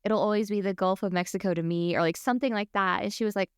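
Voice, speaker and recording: A woman's voice: medium pitch, steady tone, fast talker, smooth, no room sound, clean studio sound. A young American woman co-hosting a podcast, telling stories in a chatty way full of "like". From United States. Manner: chatty storyteller, lots of "like". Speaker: podcast co-host. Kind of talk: casual chat.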